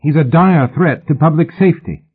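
A man voicing an agitated gentleman scholar who speaks urgently and anxiously, in a storybook reading. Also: on the high side, moderate pace, breathy edge, voice pushed up. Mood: alarmed. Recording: tinny phone-like audio.

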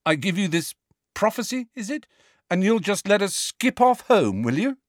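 A defiant teenage boy, urgent and fighting down panic, voiced by a male narrator. His voice is pitched up and lively, in a dry close recording. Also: takes it slowly, no room sound, exaggerated voice. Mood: defiant tense.

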